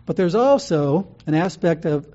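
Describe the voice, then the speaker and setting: A man's voice: fairly high pitch, lively intonation, normal speed, dark tone. A man preaching a sermon as pastor, teaching in a conversational way with frequent ums and restarts. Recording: muffled lo-fi sound.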